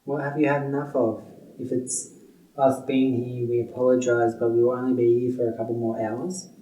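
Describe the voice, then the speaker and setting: A man on a ghost hunt, courteously and calmly questioning spirits in an old jail. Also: medium pitch, far from the mic. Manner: calm, courteous, measured. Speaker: paranormal investigator. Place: old stone jail building. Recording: echoey room, off-mic.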